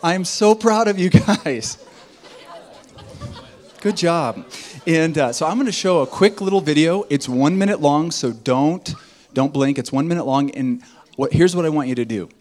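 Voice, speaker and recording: A man's voice: on the high side, expressive, moderate pace, darkish tone, some chatter behind. A male pastor preaching conversationally at a retreat, joking with the audience. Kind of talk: sermon at a retreat. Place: retreat meeting hall.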